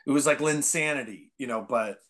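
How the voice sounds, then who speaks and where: A man from the Bay Area, a comedian guest, telling rambling stories full of fillers and bursting into loud, excited impressions. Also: medium pitch, fairly quick. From San Francisco Bay Area. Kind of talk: casual podcast storytelling.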